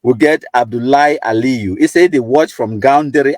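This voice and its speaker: A man's voice: mid-range voice, normal speed, a little mellow, no room sound. A Cameroonian man hosting a live stream, reading viewer comments aloud in a chatty mix of Pidgin and English.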